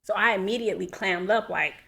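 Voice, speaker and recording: A woman in her thirties, a podcast co-host, telling a personal story in an animated, casual way and acting out what people said. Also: medium pitch, quick pace, gravelly. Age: 30s. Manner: animated, acts out quotes, laughs while telling.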